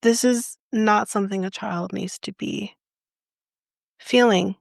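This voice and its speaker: A woman's voice: mid-range voice, fairly even intonation, slow pace, vocal fry, dry recording, clean studio sound. A Canadian woman co-hosting a podcast, retelling a story in casual chat in an indignant, impassioned and blunt way. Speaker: podcast co-host.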